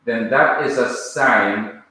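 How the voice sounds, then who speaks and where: Slow, deliberate Jamaican teacher in echoey room. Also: male voice, mid-range voice, sharp tone. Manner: slow, deliberate, checks students with questions. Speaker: Bible teacher. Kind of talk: classroom lecture. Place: classroom. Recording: echoey room, mic far off.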